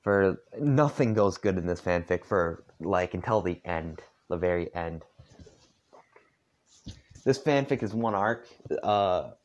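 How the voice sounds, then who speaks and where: A man's voice: sits low, lively intonation, slow pace, highs cut off. A man reading a fan story aloud in a casual, rambling way, stopping for asides. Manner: rambling, with many fillers. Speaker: fanfic reader.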